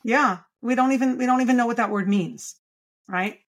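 A woman in her forties who works as a pediatric speech-language pathologist explains children's speech errors in a podcast interview, voicing example sounds aloud. Her voice is on the high side at a normal speed.

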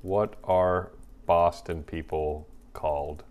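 A man's voice: sits low, steady tone, slow, darkish tone. A man co-hosting a podcast in casual chat, with dry, teasing banter. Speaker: podcast co-host.

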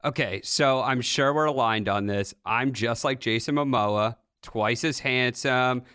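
A man hosting a podcast, reading a lively scripted intro and then joking casually with his guest. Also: medium pitch, unhurried, smooth, no echo, clean studio sound. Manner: lively, jokey, self-mocking. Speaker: podcast host.

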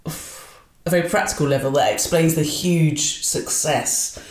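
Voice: medium pitch, steady tone, unhurried, faint music behind. An interviewer asking questions in a conversational way, attentive, with brief reactions. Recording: echoey room.

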